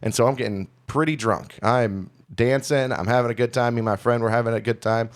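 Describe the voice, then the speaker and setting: A man's voice: medium pitch, fairly even intonation, fairly quick. A man from Houston, a podcast co-host, telling a candid, rambling, self-deprecating story in casual chat. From Houston, Texas.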